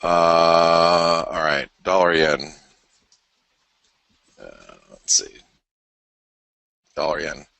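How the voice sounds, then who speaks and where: A man's voice: sits low, bright, forceful tone, no echo. A man hosting a live market show, casually talking through charts as he thinks aloud, with self-deprecating asides. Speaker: forex market commentator, show host.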